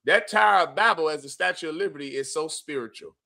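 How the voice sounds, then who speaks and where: A man with a somewhat high, bright and forceful voice delivers a preachy livestream commentary. He speaks emphatically and keeps calling out to his listeners as brother. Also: fast, creaky. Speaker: host of a religious group's class.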